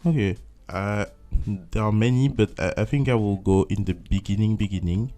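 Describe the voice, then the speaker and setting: A man's voice: fairly low pitch, moderate pace, dark tone, faint music behind. A young man from France with a French accent, a former volunteer, telling stories in a casual interview and acting out his own past thoughts in swooping voices.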